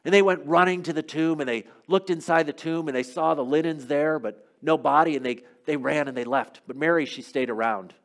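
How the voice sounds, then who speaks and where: A man preaching a sermon as a first-person dramatic monologue, telling the story and swinging from loud to hushed. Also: on the high side, steady tone, fairly quick, hardly any pauses.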